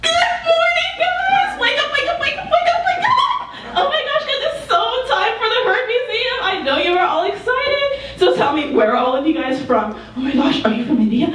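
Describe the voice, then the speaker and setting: A woman role-playing a wildly overexcited tour guide in a training exercise, shouting and laughing. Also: very high voice, big pitch swings, fairly quick, a little hiss or hum. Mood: overeager. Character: hyper-excited woman tour guide, over the top. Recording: echoey room from far off.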